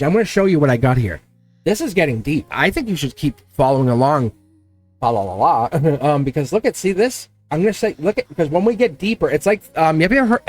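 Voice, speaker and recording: A man giving a live tarot reading, talking straight to his viewers in an animated, repetitive way and chuckling often. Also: a little high. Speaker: tarot reader.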